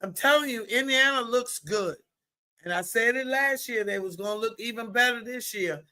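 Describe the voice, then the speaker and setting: Excitable woman calling a game live. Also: fairly high pitch, moderate pace. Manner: excitable, exclaiming loudly at plays; chatty, colloquial. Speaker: sports commentary streamer. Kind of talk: live play-by-play commentary.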